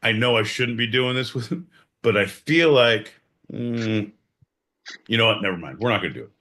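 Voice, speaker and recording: A man co-hosting a comedic podcast in casual banter, animated and crude, breaking into loud mock outbursts. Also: mid-range voice, moderate pace. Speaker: podcast co-host.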